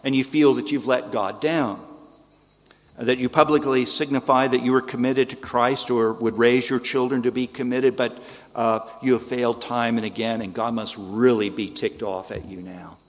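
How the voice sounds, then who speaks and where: A man's voice: medium pitch, steady tone, normal speed, in a large hall. A man preaching a sermon in an earnest, pleading way, asking the listeners rhetorical questions. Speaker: pastor.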